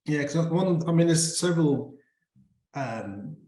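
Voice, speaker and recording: A man's voice: fairly high pitch, expressive, slow pace, dark tone. A man hosting an interview, asking long, rambling questions full of ums and restarts. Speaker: interview host. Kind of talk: conversational interview. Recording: echoey room.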